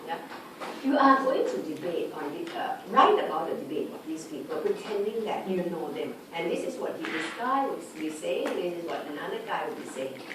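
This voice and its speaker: Speaking low and very animatedly, a woman tutor runs a casual exam revision lecture, regularly using tag questions to check on her students. Her manner is chatty, and she rattles off examples quickly. The sound comes from a distance in an echoey room with background noise.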